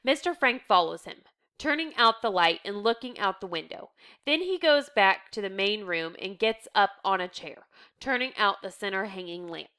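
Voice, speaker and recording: Woman reading stage directions, steady and plain, clear tone. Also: medium pitch, normal speed. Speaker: reader. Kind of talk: reading a play script aloud.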